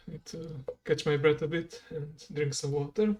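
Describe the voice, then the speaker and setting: A game streamer giving relaxed, rambling commentary while playing and chatting with viewers. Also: mid-range voice, unhurried. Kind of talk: casual gameplay commentary.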